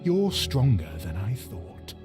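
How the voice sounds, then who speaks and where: Male actor as smug villain priest, slow, lively menacing swings, music under. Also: mid-range voice. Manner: menacing, measured theatrical delivery. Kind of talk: dramatic audiobook-style reading.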